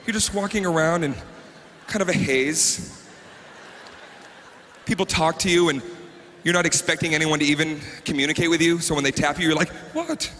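A male stand-up comic on a live stage, his voice high and bright and swinging all over the place. He is animated and acts out characters as he goes. The sound carries the long reverb of a large hall. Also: moderate pace, pauses often, slight background noise. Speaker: stand-up comedian. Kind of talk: stand-up comedy routine. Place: stage before a live audience.

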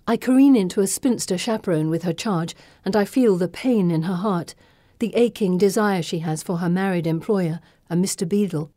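A woman reading a first-person novel with measured, dramatic narration. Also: lowish voice, mellow, dry recording, clean studio sound. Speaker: audiobook narrator.

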